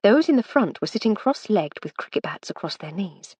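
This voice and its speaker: Breathy woman reading a mystery novel. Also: low-pitched, expressive, no echo. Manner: measured storytelling, first person. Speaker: audiobook narrator. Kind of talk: scripted narration.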